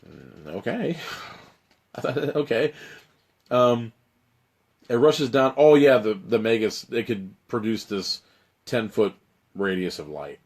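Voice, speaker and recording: A man's voice: mid-range voice, slow, pauses often, darkish tone. A man hosting a livestream, reading an adventure gamebook aloud with wry, irreverent asides and casual swearing.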